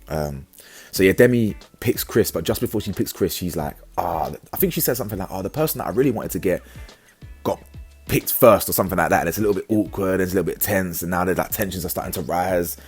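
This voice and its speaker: A low, husky-voiced man gives casual commentary on a reality show episode, speaking in an animated, slangy way and often restarting his sentences. Faint music runs underneath.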